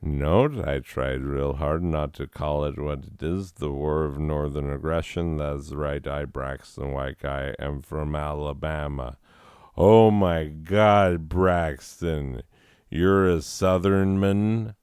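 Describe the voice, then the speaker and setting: A man's voice: extremely low pitch, takes it slowly, darkish tone, clean tone, no room sound, clean studio sound. A man hosting a comedy show, sarcastically mocking a listener letter and laughing at his own jokes. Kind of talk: comedic riffing monologue.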